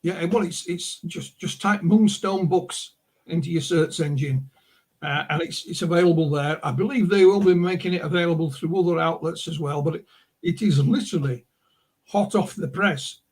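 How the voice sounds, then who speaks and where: A man in middle age talks as an interview guest, winding through stories full of asides. His voice sits a little high and has a husky edge. He sounds casual and anecdotal rather than scripted. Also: normal speed, a little mellow. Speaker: author and publisher guest. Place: remote interview call.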